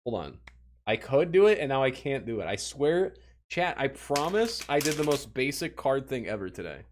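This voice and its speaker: A man's voice: mid-range voice, big pitch swings, moderate pace, noisy background. A young man from Missouri chatting casually with his livestream audience, self-mocking and talking straight to chat.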